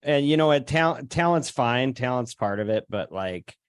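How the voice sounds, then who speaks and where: A man hosting a casual chat on a video call, speaking thoughtfully with many pauses and fillers. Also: medium pitch, animated, smooth, dry recording, studio quality. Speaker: host.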